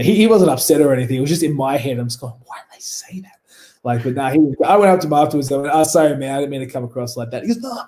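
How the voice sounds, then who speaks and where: A man's voice: mid-range voice, dark tone. Laid-back Australian man telling stories. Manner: rambling, laughing, frequent swearing. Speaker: guest wrestler. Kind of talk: casual interview storytelling.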